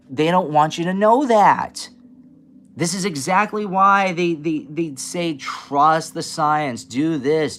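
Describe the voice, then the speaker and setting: A man hosting a live stream, ranting in an animated, passionate way and stuttering and restarting often. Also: medium pitch. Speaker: live stream host giving readings. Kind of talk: casual live-stream rant. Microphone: camera mic, moves the camera around.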